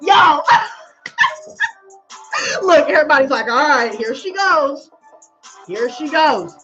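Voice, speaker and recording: Woman, high voice, livestream tarot host, brash persona, profane rhyming banter, loud and excitable, faint music behind. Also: slow pace, dull audio. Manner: loud and excitable, often laughing. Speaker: tarot reader hosting a livestream.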